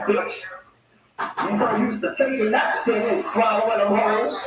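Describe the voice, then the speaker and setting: A speaker taunting and cursing someone in a long rant, swinging between low mutters and shouts. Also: animated, moderate pace. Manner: taunting, mocking, repeated insults. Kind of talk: profane insulting rant. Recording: very echoey, distant, noisy.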